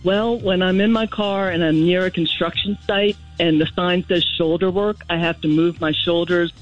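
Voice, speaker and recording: A woman's voice: lowish voice, steady tone, moderate pace, muffled recording, soft background music. Chatty, self-amused woman caller. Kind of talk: call-in radio chat.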